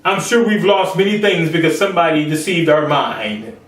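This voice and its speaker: High-pitched preacher guy, roomy echo, acts out the quotes in voices. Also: moderate pace, fairly bright tone, recorded from a distance. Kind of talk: sermon.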